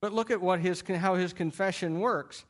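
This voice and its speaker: A middle-aged man preaching a sermon as pastor, telling the story in an animated way with playful acted-out quotes. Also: high voice, moderate pace.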